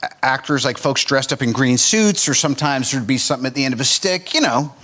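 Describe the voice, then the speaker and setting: A man's voice: mid-range voice, animated, brisk, pushed and bright. Laid-back, rambling male actor guest. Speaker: talk show guest, actor. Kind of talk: talk show chat.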